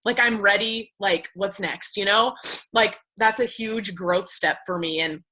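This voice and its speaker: A woman's voice: medium pitch, a little slow, sharp tone, low-quality recording. A woman who leads a team, talking emotionally on a group call with lots of "like"s. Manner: emotional, rambling with many "like"s. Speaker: team leader. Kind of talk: casual chat on a group call.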